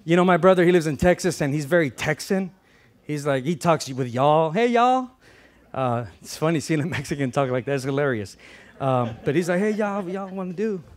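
Animated, higher-voiced male pastor preaching. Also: fairly quick. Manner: animated, conversational preaching with frequent repetitions; swings between loud emphasis and soft low asides. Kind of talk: sermon.

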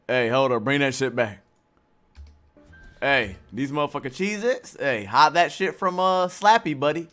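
A young man streaming a game from his home setup, swearing often, joking with chat and breaking into loud laughter and outbursts. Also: medium pitch, measured pace, faint music behind. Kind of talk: casual live-stream commentary.

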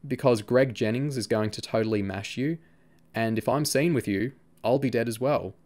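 A man voicing a cheeky, excitable teenage schoolboy who teases his friend and bursts out laughing. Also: mid-range voice, normal speed, lightly acted. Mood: evasive.

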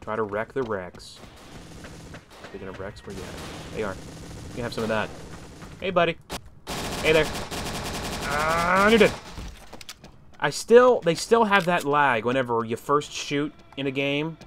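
A young man giving chatty, animated commentary while playing a game, shouting at enemies now and then. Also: medium pitch, moderate pace. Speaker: gaming commentator. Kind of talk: casual gameplay commentary. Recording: faint game noise behind.

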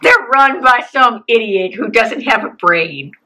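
A woman's voice: a little high, expressive, unhurried, sharp tone, rough recording. A woman co-hosting a podcast, talking in a blunt, scornful and sarcastic casual chat. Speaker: podcast co-host.

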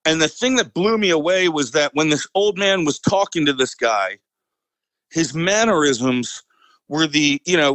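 On a poor-quality recording with no echo, a veteran guesting on a podcast tells a casual story in a slightly high, fairly bright voice. His telling rambles, packed with fillers and regular chuckles.

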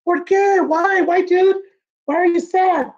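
A woman voicing a friendly, cool male cat who gently coaxes and comforts his best friend. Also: extremely high pitch, steady tone, slow pace, dull audio, voice pushed up. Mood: pleading.

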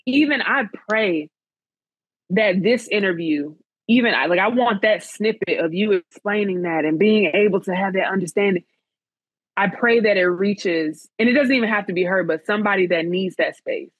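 A woman journalist appearing as a guest in a casual interview chat, speaking in an animated, encouraging, almost preacher-like way. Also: medium pitch, normal speed, breathy edge, dry recording, poor audio.

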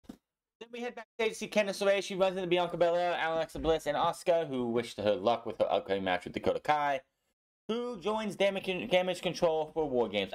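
A young man talking through a wrestling episode in a casual, chatty way. He moves quickly from play-by-play recap to blunt opinions. His voice sits at an ordinary pitch for a man. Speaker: wrestling show reviewer.

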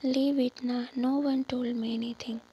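A woman's voice: a little high, flat delivery, normal speed, warm tone, breathy edge, poor audio. A woman voicing a tearful, apologetic young wife in a whispered role-play. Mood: pleading.

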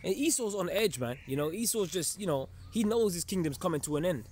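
Emphatic high-voiced male preacher. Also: expressive, brisk, a little mellow. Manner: emphatic, keeps checking in with listeners, chuckles darkly. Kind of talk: informal preaching sermon.

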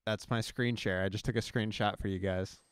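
Man, music producer, casual tutorial, chatty step-by-step, smooth voice, dry recording. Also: fairly low pitch, steady tone, fairly quick, no room sound.

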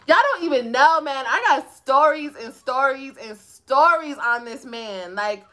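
With a sharp tone and a slightly high voice, a young woman rants on a phone livestream, sassy, profane and blunt, laughing often as she goes.

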